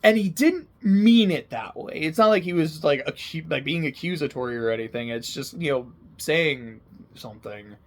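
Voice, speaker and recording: Young male anime host, slightly high voice, emotional and laughing, casual, swears a lot. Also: animated, moderate pace. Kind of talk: casual personal commentary.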